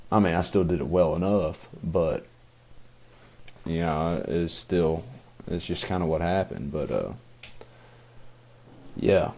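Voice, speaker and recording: A man's voice: low voice, mellow. A young man co-hosting a podcast, talking casually in a rambling way with many fillers and restarts. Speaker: podcast co-host. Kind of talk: casual chat.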